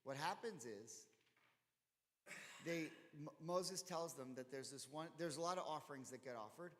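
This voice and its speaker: A man leads a casual Torah study class with a fairly high voice, talking in an animated, conversational way and acting out the lines he quotes. His voice rings with a long reverb, as in a temple chapel. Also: normal speed, a little hiss or hum. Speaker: rabbi teaching Torah study.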